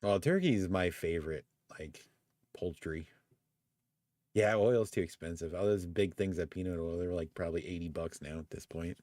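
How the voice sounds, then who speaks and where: A man with a very deep voice chats easily with his co-host, laughing often and circling back on his own sentences. The sound is close and dry, with no room around it. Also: normal speed, a little mellow, no room sound. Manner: easygoing, laughs often, rambling with restarts. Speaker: podcast co-host. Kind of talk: casual chat on a live stream.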